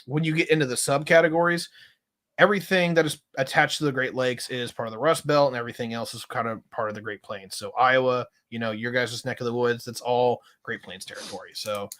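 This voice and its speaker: A mid-pitched man lays out his opinions on a comedy podcast, pushing forcefully through restarts and stumbles. He talks in a confident, lecturing way. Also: steady tone, a little fast. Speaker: podcast co-host.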